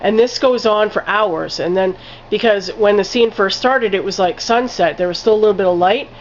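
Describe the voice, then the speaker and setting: A woman's voice: mid-range voice, normal speed, slight background noise. Woman rambling film reviewer, lo-fi audio. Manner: rambling, many "like" fillers, casual swearing. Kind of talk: casual spoken film review.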